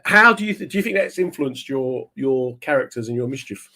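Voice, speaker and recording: A man hosting a relaxed chat show who spins animated anecdotes and slips into the voices of the people in them. His pitch sits in the ordinary male middle. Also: a little fast. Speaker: podcast host. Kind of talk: casual storytelling chat.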